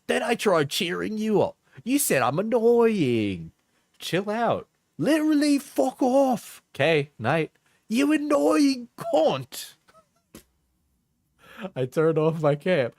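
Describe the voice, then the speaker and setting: A man putting on a shrill mock-Cockney squabbler. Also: sing-song, a little mellow, dry recording, clean studio sound, full character voice. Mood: bickering. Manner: exaggerated, high, drawn-out, bickering.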